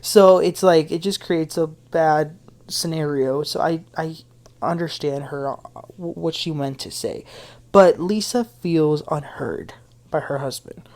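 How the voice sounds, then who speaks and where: A woman's voice: sits low, measured pace, darkish tone. A woman hosting a casual reality TV recap, retelling scenes in a chatty way with her own opinions and asides. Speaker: TV recap host.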